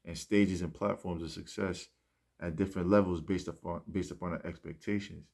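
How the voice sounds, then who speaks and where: Man, gravelly, soft-spoken, reflective monologue, trailing off, rambling. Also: low-pitched, steady tone, moderate pace. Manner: rambling, many fillers and restarts. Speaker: musician speaking about his mindset.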